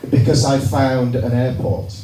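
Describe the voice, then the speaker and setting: A man's voice: mid-range voice, lively intonation, a little slow, warm tone. A man with a Yorkshire accent doing a stand-up comedy set, chatting with the crowd and tossing out sardonic asides. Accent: Northern English, Yorkshire. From England. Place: comedy club stage. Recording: echoey room, recorded from far off, noisy. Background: audience laughter.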